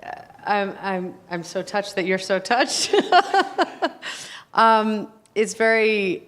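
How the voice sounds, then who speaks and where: A woman filmmaker giving an award acceptance speech and taking audience questions, halting and full of fillers. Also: medium pitch, fairly even intonation, a bit bright. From United States. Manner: halting, with many fillers and restarts.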